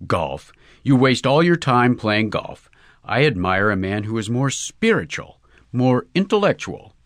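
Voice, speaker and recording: A man's voice: medium pitch, very animated, a little slow, no room sound, clean studio sound. A man voicing an ambitious young woman with a cool, scornful manner.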